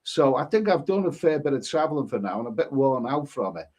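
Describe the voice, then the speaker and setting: A man's voice: mid-range voice, sing-song, fast talker, darkish tone. Guy on a livestream reading out comments, rambly, keeps repeating himself. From England. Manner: rambling, repeats phrases, frequent restarts. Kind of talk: casual live-stream chat.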